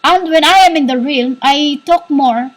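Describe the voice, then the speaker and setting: A woman giving a rambling spiritual monologue, halting and repetitive, scolding her listeners as "humans". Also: high-pitched, poor audio. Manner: scolding, insistent. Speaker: self-styled spiritual teacher.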